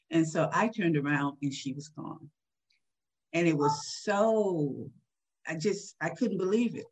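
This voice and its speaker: Woman in her sixties, husky, reflective storyteller, interview guest. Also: sits low, unhurried.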